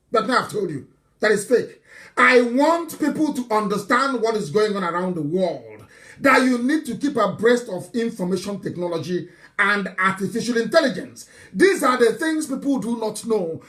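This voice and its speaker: A man giving a live political broadcast, mocking and animated, swinging between loud outbursts and low asides. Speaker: broadcaster addressing followers.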